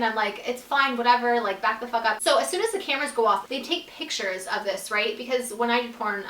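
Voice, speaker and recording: A woman's voice: a little high, sharp tone. A young woman telling a casual, blunt and profane storytime, full of "like" fillers. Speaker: vlogger telling stories. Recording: roomy echo, a bit far from the mic.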